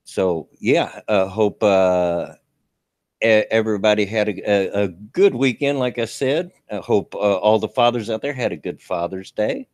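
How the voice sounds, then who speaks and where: A man's voice: lowish voice, a little slow, a little mellow, no echo, studio quality. A man, hosting a live stream in a folksy, rambling way with many fillers and restarts. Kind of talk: casual chat.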